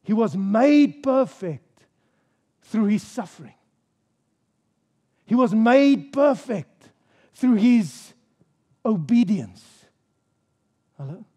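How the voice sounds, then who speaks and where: A man's voice: sits high, lively intonation, very slow, pauses often, warm tone. A male pastor preaching a sermon in a church service, stressing his points with rhetorical questions and repeated phrases.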